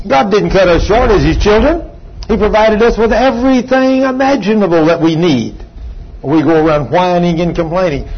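An older man preaching a sermon, telling a testimony with emphatic, drawn-out phrases. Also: a little high, slightly rough. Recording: slightly dull sound, faint background hum.

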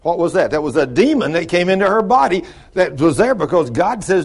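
A man preaching with a fairly high voice. He tells stories in a folksy way, sinking to quiet asides and then climbing to loud, high exclamations. Now and then he drifts away from the microphone. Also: big pitch swings, brisk, few pauses, slightly rough. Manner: folksy storytelling, swinging from low mutters to high exclamations. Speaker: pastor. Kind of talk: sermon.

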